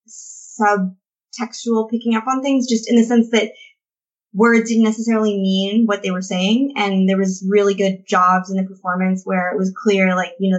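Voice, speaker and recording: A woman on a podcast panel, explaining her view in a casual, measured way. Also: medium pitch, far from the mic, dull audio. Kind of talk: casual discussion.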